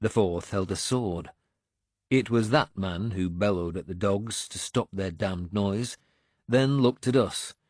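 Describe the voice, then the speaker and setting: A man narrating an action audiobook in measured storytelling style, close to a studio microphone. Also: dry recording. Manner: measured storytelling, lively pitch. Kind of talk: scripted narration.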